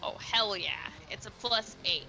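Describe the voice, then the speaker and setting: A woman's voice: medium pitch, unhurried, pushed and bright, faint music behind. A woman playing a tabletop game, who talks casually, laughs often and exclaims. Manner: giggly and exclaiming. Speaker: player.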